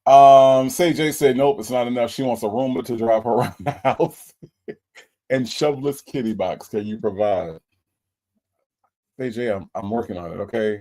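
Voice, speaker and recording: A man's voice: mid-range voice, normal speed, mellow. A man hosting a casual livestream, reading out viewer comments and greeting each one in a playful way. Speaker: livestream host.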